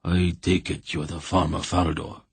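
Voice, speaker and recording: A man's voice: deep voice, level tone, moderate pace, vocal fry, slightly rough, dry recording, full character voice. A man doing a cold, heavily accented merchant. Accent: heavy foreign accent. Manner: curt, cold. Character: cold scar-faced foreign merchant man.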